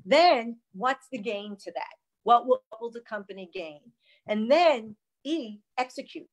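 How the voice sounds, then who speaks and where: Animated higher-voiced woman host. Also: unhurried. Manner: animated storyteller, emphatic. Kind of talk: casual live conversation.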